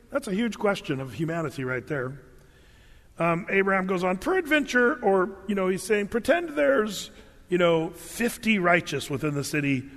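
Man, pastor, high voice, sermon, playful scripture reading, long hall reverb. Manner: animated, acts out biblical figures with humor.

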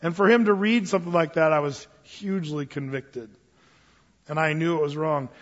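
A man preaching a sermon in a church, telling stories with animated delivery and acting out the voices of others. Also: a little high, normal speed, big-room sound, muffled recording. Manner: animated storytelling, acts out quoted voices. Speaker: pastor.

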